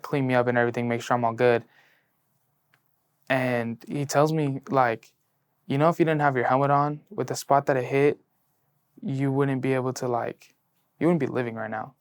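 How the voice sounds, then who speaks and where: A young man in his late teens, just out of high school, earnestly telling his personal faith story in an interview, full of "like" and moving between hushed and excited tellings. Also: moderate pace, clean tone. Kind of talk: personal testimony in a sit-down interview.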